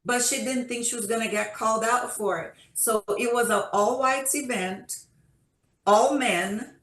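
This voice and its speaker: A woman's voice: fairly high pitch, unhurried. Woman panelist, casual storytelling, restarts often, roomy echo on a call mic. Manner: animated storytelling with many restarts.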